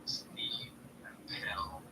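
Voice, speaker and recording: A man in casual chat, gossiping and often dropping into a hushed half-whisper. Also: drawn-out words, recorded from a distance, low-quality recording. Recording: voice a bit off-mic with faint background noise.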